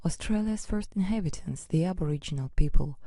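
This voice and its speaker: Low, mellow woman narrating a lesson. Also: brisk, no room sound. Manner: steady, explanatory reading. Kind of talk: scripted educational narration.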